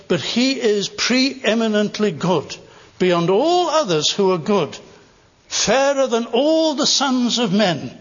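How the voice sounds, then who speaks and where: An older man delivers a sermon in a high, husky voice, leaning hard into repeated phrases. The sound is dull and muffled, with a long reverb trailing through a large hall. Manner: earnest, rising to emphatic stresses on repeated phrases. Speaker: preacher.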